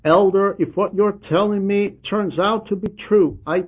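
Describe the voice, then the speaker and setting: A man voicing a frightened, ailing male politician who pleads for help in a raised, husky voice. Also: high-pitched, fairly even intonation, measured pace, pitched above the performer's own voice. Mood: earnest. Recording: dull lo-fi recording.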